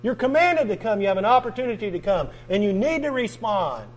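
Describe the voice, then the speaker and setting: A man preaching a sermon, emphatic and repetitive, drawing out key words and swinging from loud to quiet. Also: high-pitched, very animated, a little fast, low-quality recording.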